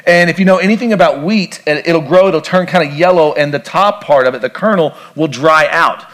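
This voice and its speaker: A man's voice: a little high, fairly quick, fairly bright tone. Chatty pastor quizzing his congregation. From grew up on a farm. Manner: conversational, asks the congregation questions, jokes. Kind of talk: sermon.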